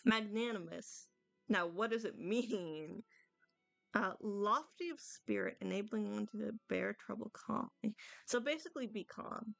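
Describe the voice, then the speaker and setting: Chatty gravelly-voiced woman streamer. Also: medium pitch, lively intonation, measured pace, no echo, soft background music. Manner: chatty, self-deprecating, laughs and stumbles over words. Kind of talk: casual game-stream commentary.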